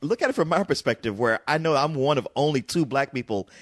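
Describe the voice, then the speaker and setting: A man's voice: medium pitch, expressive, fast talker. A man reviewing a film in casual chat, blunt and joking.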